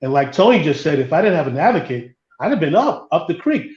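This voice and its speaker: A man with a somewhat high voice tells a long personal story during a podcast discussion, often stumbling and repeating words. He is heard over a remote call that sounds roomy and dull. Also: sing-song, darkish tone. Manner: halting, repeats words while recounting. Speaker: podcast co-host.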